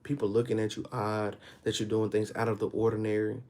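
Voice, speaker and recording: Mellow-voiced man teaching scripture casually. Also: on the low side, flat delivery. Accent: Texas. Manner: reads scripture slowly, then explains in casual street talk with rising emphasis. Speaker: Bible class teacher.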